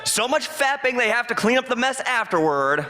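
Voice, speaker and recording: A man doing a short stand-up set at a comedy club, with an animated, punchy delivery. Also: very high voice, normal speed. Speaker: stand-up comic.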